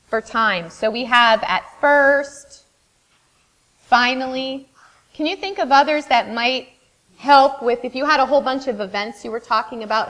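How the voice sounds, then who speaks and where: A woman's voice: a little high, fairly bright tone. A woman teaching a workshop in a classroom, encouraging and often praising answers, sometimes reeling off long word lists. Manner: lists words rapidly. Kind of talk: interactive classroom lesson. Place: classroom with a board.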